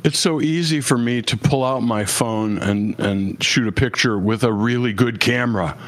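A man who is a regular podcast guest, chatting casually with halting restarts and dry humor. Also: medium pitch. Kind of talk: casual chat.

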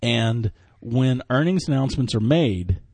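Man, tech podcast co-host, mellow, breathy, relaxed explainer. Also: medium pitch, unhurried, no room sound.

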